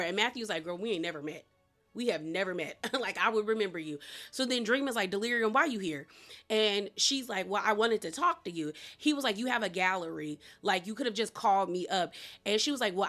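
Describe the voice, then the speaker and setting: A woman reviewing a TV show, chatting through a casual recap in a slangy manner with quick asides. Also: mid-range voice, fairly bright tone.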